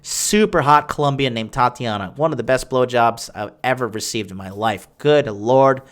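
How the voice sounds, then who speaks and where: A man's voice: mid-range voice, moderate pace, fairly bright tone. A young man hosting a podcast, talking crudely and boastfully in a rambling casual monologue. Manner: rambling, with many fillers and restarts. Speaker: podcast host answering listener questions.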